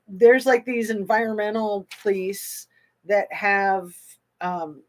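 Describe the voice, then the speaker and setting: A woman hosting a livestream, chatting loosely about a true crime case and reading out viewer comments, with many pauses and fillers. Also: mid-range voice. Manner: slow, meandering, with frequent pauses and fillers; reads viewer comments aloud and answers them. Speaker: livestream host.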